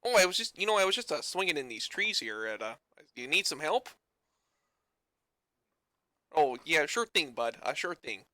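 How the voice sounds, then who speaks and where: A man's voice: a little high, very animated, normal speed, pauses often, pushed and bright, no echo. A man voicing a friendly, laid-back giant ape with an attempted Newfoundland accent, in a folksy drawl. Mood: easygoing.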